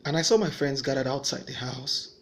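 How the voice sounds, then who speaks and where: Man, personal testimony, earnest storytelling, acts out remembered dialogue, mid pitch. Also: brisk, gravelly, fairly bright tone. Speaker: speaker giving a testimony.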